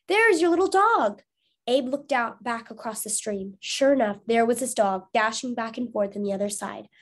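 A female teacher reads a storybook to young students at normal speed, her voice fairly high with a steady tone. She then invites discussion with encouraging questions.

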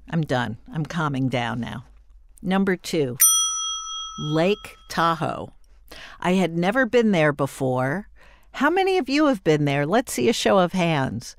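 Older woman, podcast host, chatty and effusive, lowish voice, dry close mic. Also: no room sound. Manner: chatty, animated and warmly effusive. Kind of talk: solo podcast monologue.

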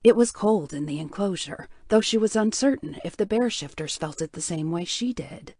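With a lowish voice, a woman reads scripted audiobook narration in a measured, steady storytelling style. The recording is dry.

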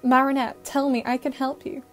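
An earnest teenage boy hero, gentle and urgent by turns, pleading softly, as a woman reads him in an audio fan-fiction story. The voice sits fairly high, with faint music underneath. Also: flat delivery, moderate pace, natural voice.

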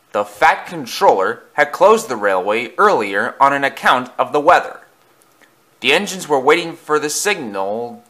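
Slow, expressive male storyteller. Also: medium pitch. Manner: expressive, dramatic. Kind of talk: storybook narration.

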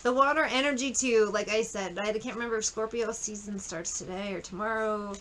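A woman's voice: mid-range voice, fairly quick, fairly bright tone, a little hiss or hum, rough recording. A woman giving a casual tarot reading, blunt and profane, mocking the people in her cards and sometimes singing snatches of songs. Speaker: tarot reader.

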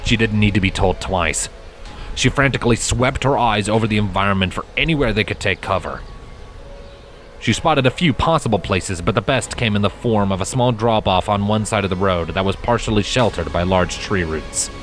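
A man reading a fan fiction story aloud as narrator, steady and dramatic. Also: fairly low pitch, moderate pace, slight background noise. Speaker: fanfiction reader. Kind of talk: audiobook narration. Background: background music.

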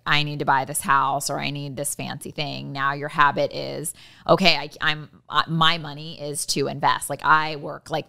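A woman co-hosts a casual podcast in a low, gravelly voice with a bright, forceful edge. She speaks earnestly and matter-of-factly. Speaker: podcast co-host. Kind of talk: casual chat.

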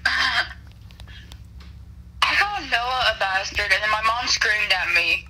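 A woman's voice: fairly high pitch, animated, unhurried, pushed and bright, a little hiss or hum, poor audio. A woman chatting while gaming with a friend, teasing, swearing, and laughing a lot. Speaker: gaming teammate. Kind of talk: casual gaming chat.

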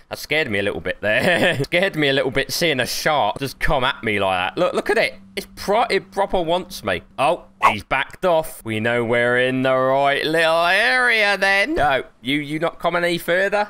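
A man's voice: mid-range voice, sing-song, normal speed, hardly any pauses, sharp tone, clean tone, no room sound. A young man giving sweary, joking let's play commentary and talking back to the game as he plays. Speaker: gamer.

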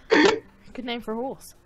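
A woman's voice: high-pitched, slightly rough. A young woman hosting a casual gaming chat, giggling a lot, swearing and egging her friends on. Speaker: gaming channel host.

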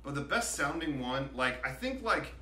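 A man's voice: medium pitch, very animated, moderate pace, roomy sound, music in the background. A man co-hosting a live game stream, chatty, asking offbeat questions with lots of fillers. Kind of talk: casual live-stream chat.

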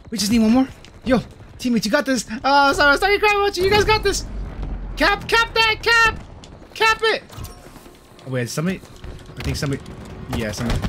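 A young man giving casual, slangy gameplay commentary, swinging between mumbles and loud excited outbursts. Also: mid-range voice. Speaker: gamer. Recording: game gunfire loud behind voice.

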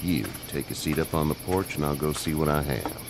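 An actor playing a wary but kind older male farmer who talks in a slow, folksy, measured way, from a video game. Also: extremely low pitch. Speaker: farmer offering shelter. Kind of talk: game voice acting. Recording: game audio with loud cricket noise. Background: crickets and night ambience.

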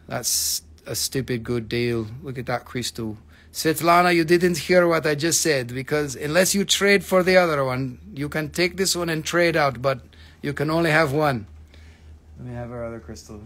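A man hosting a live-stream crystal sale, who jokes around and swears a lot in quick patter. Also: on the high side, a bit bright. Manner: profane, joking, quick patter. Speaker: host selling crystals. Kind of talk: live-stream sales chat.

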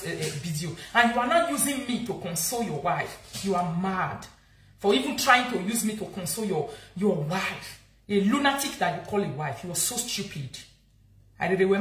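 A woman's voice: mid-range voice, roomy sound. A woman with a Nigerian accent, scolding and insulting someone in a heated live-video rant. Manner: angry, insulting, repetitive scolding. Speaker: social media vlogger.

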